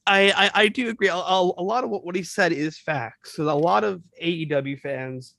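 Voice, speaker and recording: A man's voice: high voice, normal speed, creaky, bright, forceful tone, no echo. A man co-hosting a wrestling show in casual chat, stammering and repeating words as he speaks. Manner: stammering, repeats words while searching for them. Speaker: wrestling podcast co-host.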